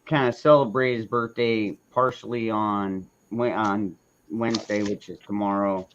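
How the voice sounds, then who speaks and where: A man's voice: lowish voice, fairly even intonation, unhurried, slight background noise. Southern male co-host, folksy and profane, muffled lo-fi sound with crickets behind. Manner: folksy, swears casually. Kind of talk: casual chat.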